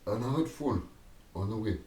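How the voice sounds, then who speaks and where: A man's fairly low, mellow voice carries an animated, moderate pace as he tells a digressive personal anecdote to camera, laughing along the way. There's a little hiss or hum, plus roomy echo from a distant mic.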